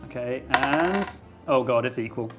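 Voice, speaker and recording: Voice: medium pitch, animated, unhurried, loud music behind the voice. A player in a tabletop game who describes their moves in the first person, playfully.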